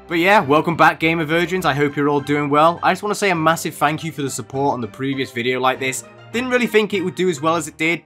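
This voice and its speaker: A man's voice: on the high side, fairly bright tone. Sarcastic young man mocking clips. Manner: sarcastic, mocking, rhetorical questions. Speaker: commentary youtuber. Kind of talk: comedic reaction commentary.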